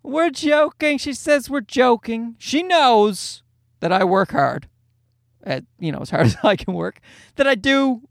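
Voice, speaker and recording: A man's voice: high-pitched, big pitch swings, measured pace, gravelly, fairly bright tone, dry recording, clean studio sound. A male podcast host and stand-up comedian telling a rambling, profane, self-deprecating comic story.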